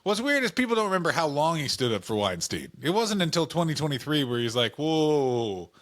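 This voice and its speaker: A man's voice: a little high, very animated, quick pace, a bit bright, no room sound. A man co-hosting a comedy podcast, chatting loosely and joking, often slipping into silly put-on voices. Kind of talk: casual comedic chat.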